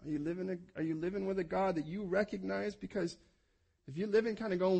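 A pastor delivers a sermon with a fairly high male voice. He preaches with passion, rising to loud urgent appeals and sinking to a soft, hushed prayer. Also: quick pace, gravelly.

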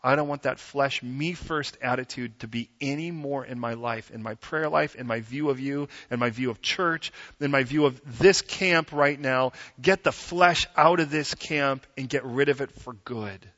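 A man preaching a sermon as pastor in a church, conversational and animated, acting out quotes in different voices. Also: medium pitch, normal speed, few pauses. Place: church sanctuary. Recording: dull sound with long hall reverb.

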